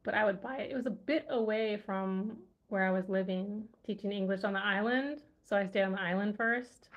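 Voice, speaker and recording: A woman's voice: medium pitch, animated, takes it slowly, pauses often, muffled recording. A woman language vlogger chatting casually, musing aloud and laughing often as she recalls words. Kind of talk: casual livestream chat.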